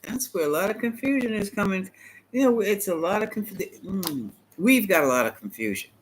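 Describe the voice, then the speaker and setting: A man giving a live-stream tarot reading, chatty and animated, talking back to viewers and laughing often. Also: high voice, brisk, slight background noise, rough recording. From United States. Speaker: tarot reader.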